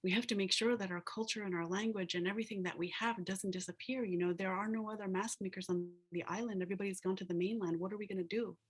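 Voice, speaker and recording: A woman's voice: mid-range voice, fairly even intonation, fast, hardly any pauses, slightly rough, natural voice. A woman voicing an exasperated teenage boy in a told story, pleading and urgent.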